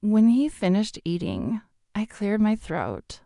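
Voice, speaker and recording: A woman narrating a first-person family story in a measured, scripted storytelling delivery. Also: medium pitch, big pitch swings, creaky, warm tone, dry recording, studio quality.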